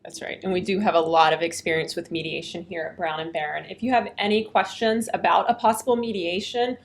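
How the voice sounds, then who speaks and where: A woman's voice: on the low side, steady tone, brisk, creaky. A female lawyer giving brief, inviting closing remarks to viewers.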